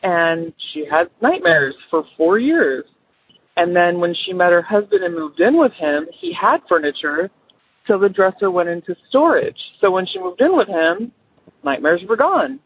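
A woman's voice: fairly low pitch, big pitch swings, moderate pace, breathy edge. A woman caller chattily telling a friend's ghost story over the phone, rambling with fillers and quoting the people in it. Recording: phone line.

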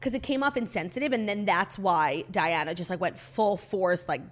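A woman's voice: medium pitch, normal speed. A woman co-hosting a podcast, chatting casually and bluntly, swearing freely. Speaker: podcast co-host. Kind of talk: casual chat.

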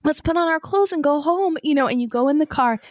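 A woman's voice: high-pitched, fast, darkish tone, no room sound, clean studio sound. A woman co-hosting a podcast in casual chat, telling stories full of "like" and quoted voices. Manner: storytelling, full of "like" and "you know", quoting others. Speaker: podcast co-host.

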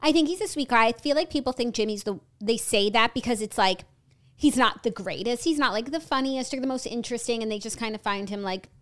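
Woman co-host, slightly high, chatty. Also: quick pace, a bit bright. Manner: chatty, lots of "like" fillers. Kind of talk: casual chat about reality TV.

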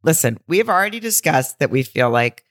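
Casting: woman co-host, low pitch, dry close sound, casual and profane. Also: big pitch swings, fairly quick, no echo. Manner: profane, joking. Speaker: podcast co-host. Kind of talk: casual chat.

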